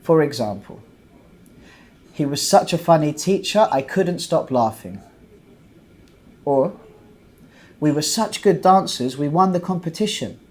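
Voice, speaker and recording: A man teaching an English grammar lesson, explaining points slowly and patiently, with many example sentences. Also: fairly high pitch, expressive.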